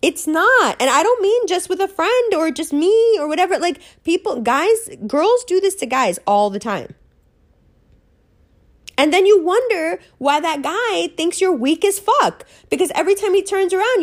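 A woman with a New York accent, her voice sitting a little high. She talks in a brash, profane, animated way, acting out quick bits of dialogue as she hands out blunt advice. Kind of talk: blunt monologue giving life advice.

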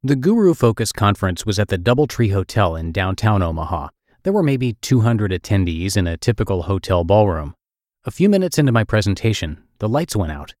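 A man hosting a daily show, reading blog posts aloud in scripted narration with a measured, expressive delivery. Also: fairly low pitch, dry recording, clean studio sound.

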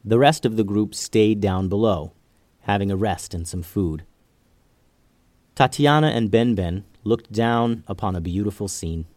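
Low-voiced man telling a kids' story. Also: measured pace, a little mellow, no room sound. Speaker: podcast host and storyteller. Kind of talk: children's story narration.

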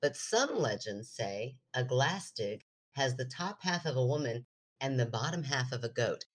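A woman's voice: rumbling low, expressive, normal speed. A woman co-hosting a podcast in casual chat, playfully teasing and reading aloud from a book. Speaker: podcast co-host.

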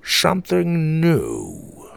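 A man voicing a wise old grandfather explorer in a children's story, speaking slowly and deliberately. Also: lowish voice, big pitch swings, a bit bright, full character voice. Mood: thoughtful. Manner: slow, deliberate, gravelly. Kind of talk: storybook character reading.

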